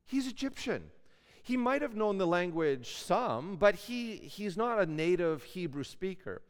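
A man's voice: high voice, very animated, unhurried, clear, resonant tone. A man giving a classroom Bible lecture in a conversational way, putting questions to his students. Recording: long hall reverb.

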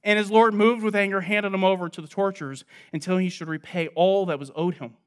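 A man preaching an expository sermon, asking rhetorical questions and answering them, moving between loud stress and quiet, low asides. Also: fairly even intonation, brisk, clear, resonant tone.

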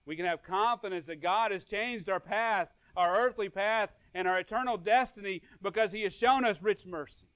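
A man preaching a sermon earnestly. His voice swells louder and then drops soft, and he repeats phrases and restarts words as he goes. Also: sits high, moderate pace, hardly any pauses, smooth, no echo, poor audio. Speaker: pastor.

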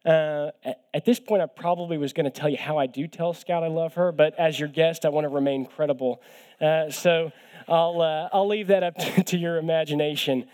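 A young adult man giving a sermon as a guest preacher, talking in a relaxed, conversational way with light self-deprecating humor and frequent repeated words. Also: on the high side, normal speed.

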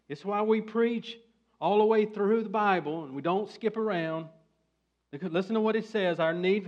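A man preaching a sermon as pastor, building to emphatic, forceful bursts. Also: high-pitched, dull audio.

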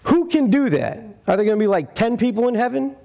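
Animated, gravelly-voiced male preacher. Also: extremely high pitch, a little fast. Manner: animated storytelling, acting out quotes in character. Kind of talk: sermon.

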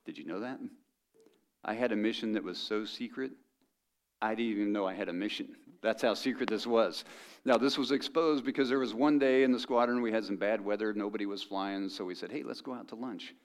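Low-voiced joking male pastor. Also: fairly quick. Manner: conversational, joking with the congregation. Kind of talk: sermon.

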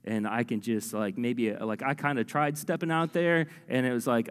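A male pastor preaches in an animated, conversational way, full of fillers and self-deprecating asides. His mid-range voice rings out into a church hall with a long reverb. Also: medium pitch, normal speed, few pauses, clear, resonant tone. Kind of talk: sermon.

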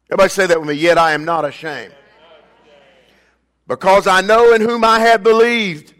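Older male pastor, high-pitched, preaching in a reverberant church sanctuary; dynamic delivery from quiet asides to loud emphasis. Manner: preaching with call-and-response, swinging between loud emphatic bursts and quiet asides. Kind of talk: sermon. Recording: long reverb of a church hall.

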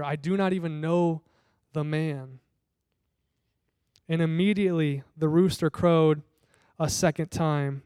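A man with a high, smooth and resonant voice preaches a sermon. He tells the story conversationally and slips into the voices of the people in the passage. The sound is close and dry. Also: a little mellow, no echo. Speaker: pastor.

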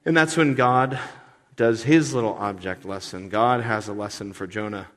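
A man's voice: fairly low pitch, normal speed. Man preaching in a reverberant hall. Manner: lively preaching with acted-out voices and self-deprecating humor. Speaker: pastor. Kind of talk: sermon.

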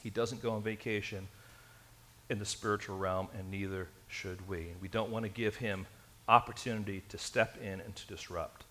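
Bright-voiced man preaching a sermon. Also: fairly low pitch, steady tone, moderate pace. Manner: earnest preaching, addressing the congregation directly. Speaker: pastor.

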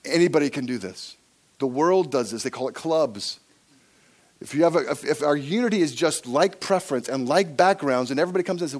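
A man preaching a sermon to a congregation, dropping to soft, low asides and rising to loud, emphatic passages, and acting out inner voices in quoted lines. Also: animated, brisk. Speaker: pastor.

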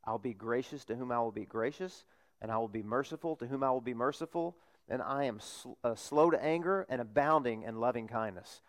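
A man preaching while speaking as God, quietly and solemnly, in a lower, softer voice than his own. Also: close to an everyday voice. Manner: slow, hushed, solemn.

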